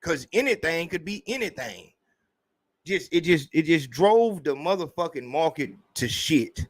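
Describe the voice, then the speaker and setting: High-voiced man ranting on a podcast. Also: a little slow, no echo. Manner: profane, animated, mimics people in mocking voices. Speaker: podcast host. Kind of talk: casual rant.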